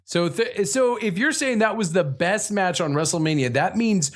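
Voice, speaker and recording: A man's voice: sits high, expressive, moderate pace. A man co-hosting a casual podcast, steering the segments with questions and dry jokes. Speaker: podcast co-host. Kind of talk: casual chat.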